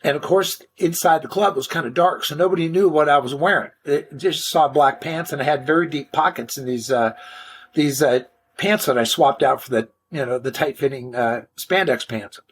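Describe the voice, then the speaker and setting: An older man spins his stories in a loose, slangy way, often stumbling and restarting his sentences. His voice sits a little high for a man. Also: normal speed, husky. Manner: animated, slangy, frequent restarts. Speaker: interview guest. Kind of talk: casual storytelling interview.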